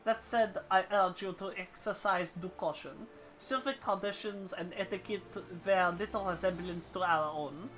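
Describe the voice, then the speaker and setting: A woman reading aloud as a formal, measured male military commander from a video game, with faint game music behind her. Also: fairly low pitch, fairly even intonation, a bit bright, lightly acted, low-quality recording. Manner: reads quest dialogue aloud in a formal, deliberate tone.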